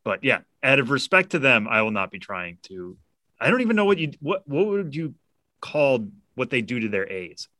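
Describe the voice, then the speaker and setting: Man, podcast co-host, wry humor, animated pitch, dry sound. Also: normal speed, no room sound. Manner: wry, self-deprecating, chuckling. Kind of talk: casual chat. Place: studio in New York City.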